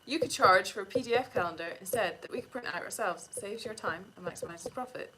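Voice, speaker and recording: Woman co-host reading chat comments out loud, mid pitch, a little background hiss. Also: fast, poor audio. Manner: reads comments aloud, chimes in briefly. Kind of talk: casual livestream chat.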